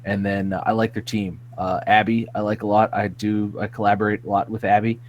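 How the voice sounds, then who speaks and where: Laid-back low-voiced man chatting. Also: level tone, brisk, highs cut off, a little hiss or hum. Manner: laid-back, rambling with many fillers. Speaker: podcast guest. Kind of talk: casual chat.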